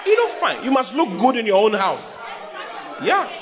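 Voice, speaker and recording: A man preaches to a church full of people, his voice riding high and leaping wildly in pitch. He teases and shouts at his listeners in a playful sermon. A crowd can be heard clearly behind him. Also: moderate pace. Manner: animated, teasing, often shouting and laughing with the congregation. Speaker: pastor. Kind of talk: humorous sermon on marriage. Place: church before a live congregation. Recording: congregation noise behind the voice.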